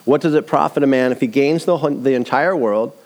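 Middle-aged man preaching; energetic storyteller who acts out the dialogue. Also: mid-range voice, a little fast. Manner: animated storytelling, acts out quotes. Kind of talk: sermon with personal story.

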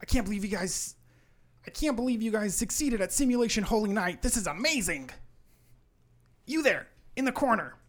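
A man voicing an excitable young male elf technician who talks fast and flustered. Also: sits high, voice pushed up. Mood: excited.

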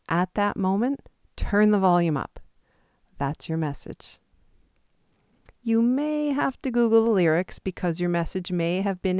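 Woman intuition teacher, patient guided exercise, slow and dry. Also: lowish voice, clear, resonant tone, no room sound. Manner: calm, patient step-by-step instructions.

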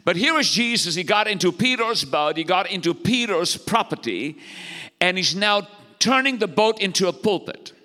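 A man's voice: high-pitched, animated, normal speed, bright, forceful tone, long reverb tail. A man preaching as pastor, exhorting the congregation and calling for their responses. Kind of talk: sermon.

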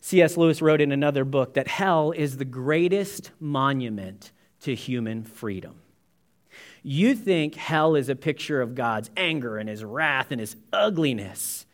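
A male pastor preaching a sermon, swinging between loud emphatic stretches and quiet, low punchlines. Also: expressive, unhurried.

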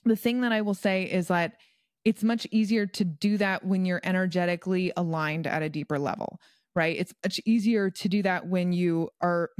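A woman's voice: on the low side, no echo, studio quality. A woman coach talking casually in an interview, chatty, with frequent laughs and fillers. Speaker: guest, personal development coach.

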